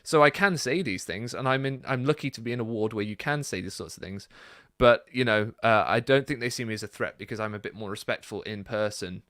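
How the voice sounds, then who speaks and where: A man hosting a casual Q&A, reading out viewer comments and chatting about them in a relaxed, rambling way. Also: lowish voice, fairly quick, few pauses, no echo, clean studio sound. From Britain. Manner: chatty and relaxed, many fillers and asides. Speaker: YouTube channel host.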